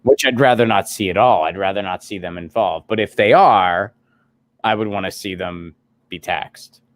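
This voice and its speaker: A man chatting as a guest on a casual stream, bantering in a deadpan, mock-serious way. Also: low voice, moderate pace, no echo. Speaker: guest comedian. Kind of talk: casual live-stream chat.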